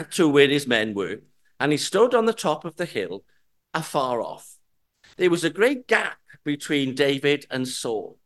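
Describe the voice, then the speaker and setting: A man's voice: on the high side, fairly bright tone. A man preaching an expository Bible sermon, reading the scripture aloud with dramatic rises and falls.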